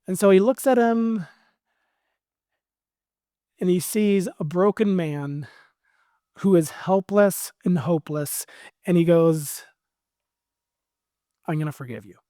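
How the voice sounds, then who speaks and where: American male pastor, high voice, casual animated sermon, dry close sound. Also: slow, long pauses, no echo. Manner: conversational, animated storytelling.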